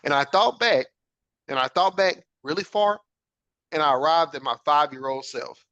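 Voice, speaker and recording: A man's voice: on the high side, normal speed, bright, forceful tone, no echo, lo-fi sound. A man hosting a podcast, earnestly telling a personal story and often checking in with "right?". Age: adult father. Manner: earnest, reflective, frequent "right?" check-ins. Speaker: podcast host.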